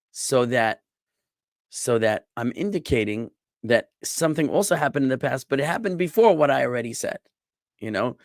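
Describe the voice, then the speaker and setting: A man's voice: medium pitch, lively intonation, normal speed, no room sound. Guy teaching hebrew class, drags out syllables to show stress, keeps asking okay? right?, dry close mic. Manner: patient, repeats and drawls words to show syllable stress; thinks aloud with restarts and rhetorical checks. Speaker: rabbi teaching biblical Hebrew. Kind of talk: online class lecture.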